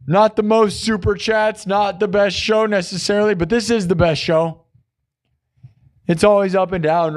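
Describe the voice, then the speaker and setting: Exhausted man hosting a late-night stream. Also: high voice. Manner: rambling, casual, slangy. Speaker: live-stream host and musician. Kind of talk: casual live-stream chat and improv storytelling.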